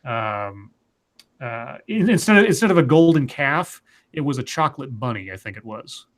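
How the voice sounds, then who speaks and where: A man's voice: medium pitch, sing-song, moderate pace. A man co-hosting a casual show, reading articles aloud and dropping dry, wry asides. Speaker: co-host reading news stories.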